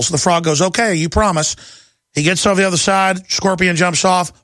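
A man's voice: sits high, fairly even intonation, a little fast, a bit bright, no room sound. A middle-aged man hosting a talk radio show, ranting fervently in a rising, impassioned monologue.

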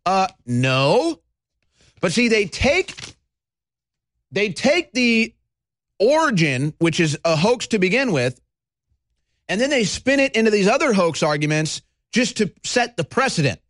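Animated high-voiced man ranting. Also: dry recording, clean studio sound. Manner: fast, animated, mocking voices, sighs. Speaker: host. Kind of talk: ranting monologue.

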